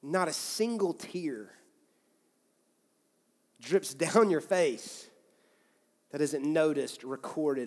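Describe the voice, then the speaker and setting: A man's voice: a little high, drawn-out words, long pauses, long reverb tail. A man in his thirties, a pastor, preaching a sermon in a candid, conversational way, often restarting his phrases. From United States. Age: 30s. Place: church sanctuary with long reverb.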